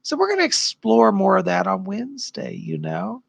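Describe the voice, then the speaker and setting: Raspy, gravelly man chatting on a livestream. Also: high-pitched, sing-song, normal speed, hardly any pauses, a bit bright, dry recording. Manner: chatty, upbeat, answers chat questions. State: tired, voice worn. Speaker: psychic livestream host. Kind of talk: casual live-stream chat.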